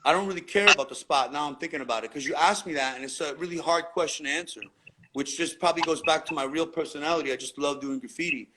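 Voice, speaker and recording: A man's voice: a little high, fast talker. A man telling graffiti stories in a casual interview, laid-back and swearing freely in street slang. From New York. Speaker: graffiti writer being interviewed. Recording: loud background noise.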